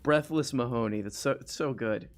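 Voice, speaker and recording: A man's voice: medium pitch, normal speed, vocal fry, soft background music. A man in his thirties hosting a live call-in show, chatting casually, rambling with restarts and reading chat comments aloud.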